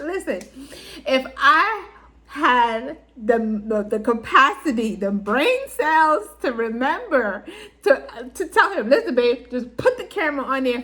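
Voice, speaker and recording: A woman vlogger telling a personal story to her viewers in a casual way, laughing often and acting out what people said. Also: high voice. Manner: animated, laughing often, acts out quotes.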